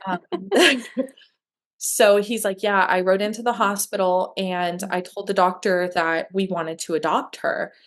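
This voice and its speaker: A woman's voice: mid-range voice, steady tone, measured pace. A woman guest telling a personal story in a candid, emotional way, with many fillers and restarts. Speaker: guest sharing her adoption story. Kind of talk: conversational interview storytelling.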